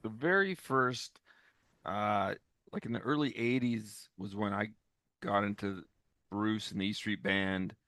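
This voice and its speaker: A man's voice: fairly low pitch, measured pace, fairly bright tone, no echo. A man in his fifties from Canada, an author answering interview questions with careful, detailed memories and some hesitation.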